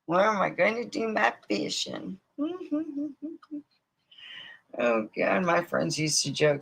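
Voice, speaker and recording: Nevada woman rambling on her stream, bright tense voice, swears a lot, does little voices for people. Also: medium pitch, very animated, takes it slowly, creaky, husky, low-quality recording. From Nevada, USA. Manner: chatty, digressive, swears freely, acts out quoted voices. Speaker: livestream host. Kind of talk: rambling casual monologue.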